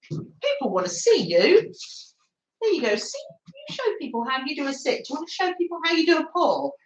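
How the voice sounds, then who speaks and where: Her voice sits high and fairly bright as she runs a live craft stream out of her home craft room, chattering on, laughing a lot, teasing herself, and cooing fondly at her dog. A table-mounted streaming camera records her, so the sound is roomy and slightly dull, with a bit of background noise.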